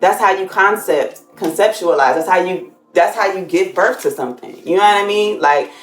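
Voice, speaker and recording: A woman's voice: fairly low pitch, normal speed, reverberant, soft background music. A woman co-hosting a casual live stream, musing in loose, rambling thoughts. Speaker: livestream co-host.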